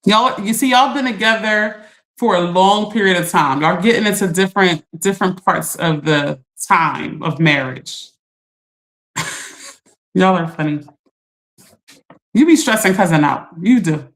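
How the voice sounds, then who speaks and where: A woman's voice: on the low side, unhurried, long pauses. A middle-aged woman, chatting on a livestream and reading viewer comments, laughing and teasing. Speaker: livestream host.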